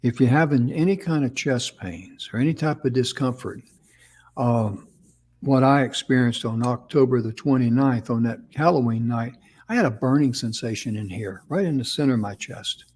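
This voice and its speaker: A man's voice: medium pitch, normal speed, a little mellow, breathy edge. A man co-hosting a casual talk show, telling a personal story in a folksy, rambling way with restarts. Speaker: co-host.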